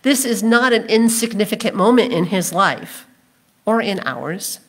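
A woman's voice: medium pitch, lively intonation, unhurried. A woman pastor delivering a sermon, telling the story expressively and acting out the crowd's voices. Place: church sanctuary.

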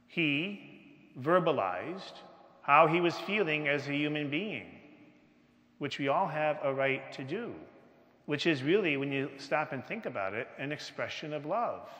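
A man preaching a sermon slowly and emphatically, with dramatic pauses. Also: fairly high pitch, sharp tone. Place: church. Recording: long church reverb.

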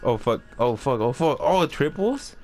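A man giving casual, excitable commentary while playing a basketball video game, swearing and trash-talking. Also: medium pitch, measured pace. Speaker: gameplay commentator.

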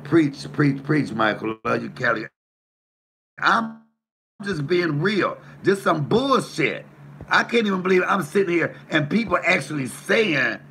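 A man rants to his livestream chat in a gravelly, bright, sharp-edged voice, swearing hard and hammering the same points over and over. His pitch sits a little high for a man. A faint hum runs underneath. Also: very animated, measured pace. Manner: profane, confrontational, emphatic. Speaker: YouTube livestream host. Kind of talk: heated livestream rant reading chat.

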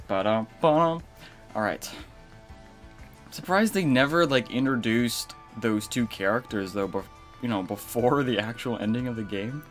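Chatty young man streaming a game. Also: on the low side. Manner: animated, rambling, lots of fillers, reads game text aloud. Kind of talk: casual gaming commentary.

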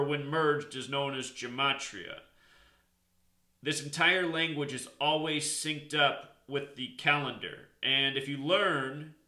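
Insistent man lecturing, very bright voice. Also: medium pitch, roomy sound. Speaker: channel host. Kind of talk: explanatory monologue.

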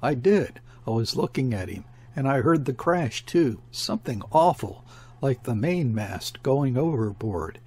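A man's voice: medium pitch, animated, measured pace, darkish tone, husky. A man voicing a nervous male sailor at the helm, speaking in a rattled, jittery way.

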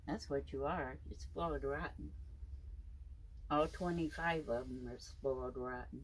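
Husky low-voiced woman cooing at a snake. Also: steady tone, unhurried, rough recording. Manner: coos and baby-talks to the snake. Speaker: snake keeper. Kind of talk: casual affectionate talk to a pet snake.

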